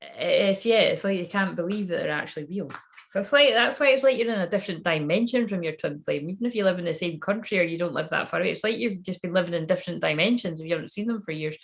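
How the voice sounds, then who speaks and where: Chatty, swearing woman with a lowish voice. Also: animated, quick pace, gravelly. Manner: chatty, swears freely, laughs at her own jokes. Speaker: psychic reader channeling messages. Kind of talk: casual rambling monologue.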